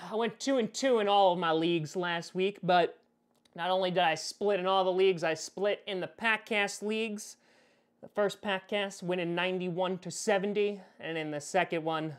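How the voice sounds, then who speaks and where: A man's voice: high-pitched, a bit bright. A young man hosting a fantasy football vlog, talking casually with joking, sarcastic asides. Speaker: host.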